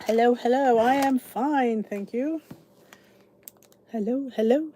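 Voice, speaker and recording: A woman's voice: a little high, slow pace, long pauses, warm tone, a little hiss or hum. A middle-aged woman hosting a casual livestream chat, greeting viewers by name and chatting freely. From United States. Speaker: host.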